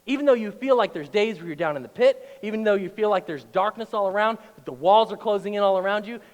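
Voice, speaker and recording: A man's voice: high-pitched, animated, fast. Man preaching in a reverberant church hall. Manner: conversational preaching, rising to loud emphatic passages. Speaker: pastor. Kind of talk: sermon. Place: church auditorium.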